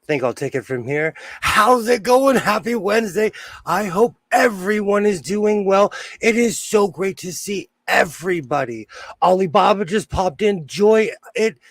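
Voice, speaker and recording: A man's voice: high voice, expressive, measured pace, no echo. A man hosting a sewing livestream in casual chat, jokey and laughing often as he greets viewers.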